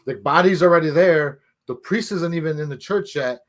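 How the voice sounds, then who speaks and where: A man's voice: a little high, moderate pace. Laid-back man swapping stories. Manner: loose, swearing, laid-back storytelling. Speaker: podcast guest. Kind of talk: casual chat.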